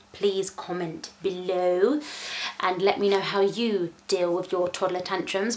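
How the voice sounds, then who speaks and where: A woman's voice: mid-range voice, a bit bright. A woman, a mother, talking casually and candidly to camera in a parenting vlog, with a self-mocking tone. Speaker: vlogger, mother.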